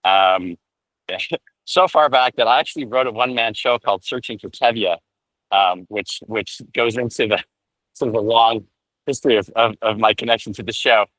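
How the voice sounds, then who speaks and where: A man from upstate New York with a fairly low voice, telling long stories about his past in an unhurried way. He talks over a video call while walking outside. The recording is dry. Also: a bit bright, no echo, poor audio. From Rochester, New York. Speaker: actor guest. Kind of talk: casual storytelling interview. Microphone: video call while walking outdoors.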